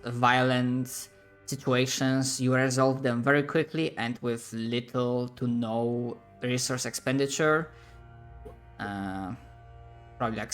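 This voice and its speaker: Male game master, mid pitch, halting filler-laden narration, faint music bed. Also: a bit bright. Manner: hesitant, filler-heavy narration.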